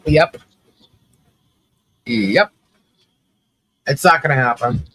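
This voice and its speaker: A man's voice: mid-range voice, very slow, fairly bright tone, rough recording. A man co-hosting a podcast, telling a story in casual commentary, acting out quotes with laughing asides. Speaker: podcast co-host.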